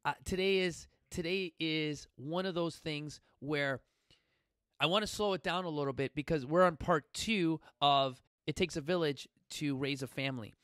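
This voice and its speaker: A man in his forties with a slightly higher voice delivers a motivational story straight to the audience. His delivery is emphatic and blunt, swinging from loud bursts to quiet asides, and it is recorded close and dry with no room sound. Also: normal speed, dry recording. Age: 40s. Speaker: gym founder and podcast host. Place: coastal Southern California gym studio.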